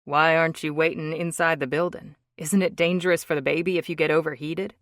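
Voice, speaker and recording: A woman voicing a steady, protective wealthy man. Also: a little fast, no room sound, studio quality. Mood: calm. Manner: steady, low-key, firm. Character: protective rich young man, calm and determined. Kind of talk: audiobook character reading.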